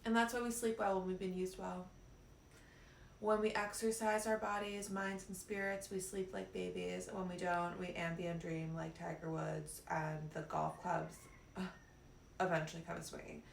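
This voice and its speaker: A woman's voice: lowish voice, flat delivery, normal speed, gravelly, a little hiss or hum. A woman life coach giving a live-streamed motivational talk, brash and profane, calling her listeners cuties. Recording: roomy, a little off-mic, faint ambience.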